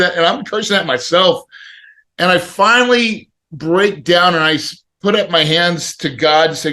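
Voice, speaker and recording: A middle-aged man on a podcast, telling a personal story in a casual, animated way and acting out the people he quotes. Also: on the high side, moderate pace. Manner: animated, acts out quoted dialogue. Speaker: podcast guest.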